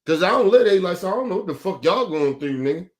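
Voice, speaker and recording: A man's voice: high-pitched, animated, rapid-fire. A man hosting an online talk show, giving blunt, profane commentary and often asking "right?". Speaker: show host. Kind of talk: casual commentary.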